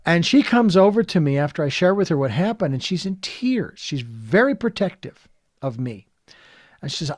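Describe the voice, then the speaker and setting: A man hosting an interview, retelling a personal story in an animated, reflective way with many fillers. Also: high-pitched, moderate pace, no room sound, studio quality. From California. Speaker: podcast host.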